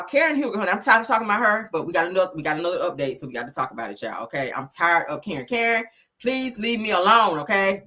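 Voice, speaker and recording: A woman's voice: medium pitch, bright, forceful tone. Sassy, profane woman gossip host. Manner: profane, sassy, chatty, reads viewer comments aloud. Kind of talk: casual live-stream gossip chat.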